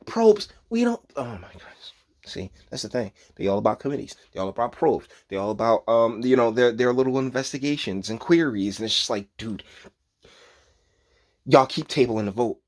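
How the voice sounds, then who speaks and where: A man's voice: medium pitch, lively intonation, normal speed, darkish tone. Rambling, sarcastic man ranting over news. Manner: rambling, profane, sarcastic, laughs often. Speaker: channel host. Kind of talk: casual news commentary rant.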